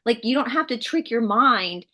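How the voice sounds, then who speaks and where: Animated woman storytelling. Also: fairly high pitch, moderate pace. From Southern United States. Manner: animated storyteller, acts out quotes. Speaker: co-host. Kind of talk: casual conversation.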